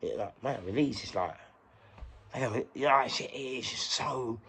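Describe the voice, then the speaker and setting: A man's voice: mid-range voice, measured pace, pushed and bright, slightly rough. A middle-aged man with a London accent, an interview guest who tells his story in a rambling, candid way, repeating himself, searching for words and swearing freely. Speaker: interview guest, former prisoner.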